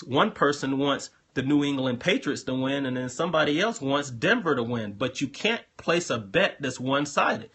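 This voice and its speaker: Husky, bright-voiced man explaining casually. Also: medium pitch. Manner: loose, repeats himself, talks to viewers directly. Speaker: host answering trading questions. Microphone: phone live stream.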